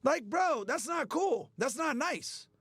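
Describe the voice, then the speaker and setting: A streamer host with a very high, animated voice delivers a heated, profane rant at a slow pace, mocking the people he discusses. Background noise is audible.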